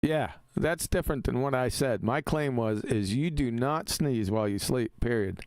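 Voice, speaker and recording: A man's voice: medium pitch, moderate pace, darkish tone, dry recording. A man hosting a casual live stream, talking in an emphatic, argumentative way and laughing easily.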